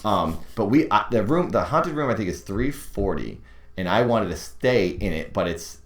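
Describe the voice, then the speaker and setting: A man's voice: lowish voice, expressive, moderate pace, echoey room. A man hosting a podcast, telling stories in a casual, rambling way with lots of fillers and restarts. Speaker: podcast host. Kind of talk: casual storytelling chat.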